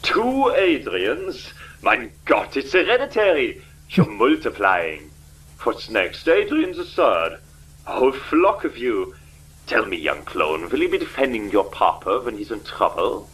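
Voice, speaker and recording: A man's voice: medium pitch, very animated, a little slow, fairly bright tone, rough recording. An actor playing a sardonic older German man with a German accent who mocks and probes in a dry, theatrical way. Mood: mocking. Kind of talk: web horror series acting.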